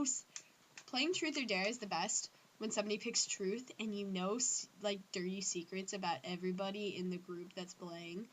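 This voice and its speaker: A teenage girl ranting casually to her camera about things she hates, acting out other people's lines in squeaky voices. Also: a little hiss or hum. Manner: animated, acts out others in high squeals. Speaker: vlogger. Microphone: built-in camera mic.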